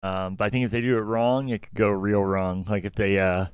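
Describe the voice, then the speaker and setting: A man co-hosting a gaming podcast in casual chat, relaxed and thinking out loud. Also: on the low side, fairly quick, hardly any pauses, smooth, dry recording, studio quality. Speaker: podcast co-host.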